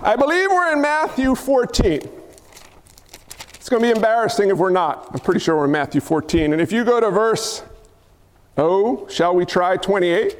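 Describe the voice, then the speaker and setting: A high-pitched man preaches to his church, casual and conversational, firing rhetorical questions at the congregation and joking with them. His voice rings out with a long hall reverb from the sanctuary. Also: expressive, normal speed. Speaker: pastor. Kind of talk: sermon.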